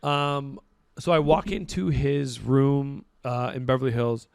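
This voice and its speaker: A man's voice: mid-range voice, fairly even intonation, a little slow, creaky, clear, resonant tone, no echo, studio quality. A young man co-hosting a podcast, chatting casually about styling clients in a laid-back, rambling way with lots of fillers. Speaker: podcast co-host and celebrity stylist. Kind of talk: casual chat.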